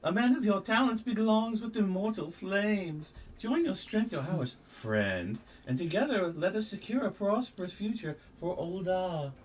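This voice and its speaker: A man putting on a high, exaggerated sing-song voice to read a flattering game officer's lines. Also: normal speed, few pauses, recorded from a distance, slight background noise. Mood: gushing. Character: gushing flattering officer in falsetto.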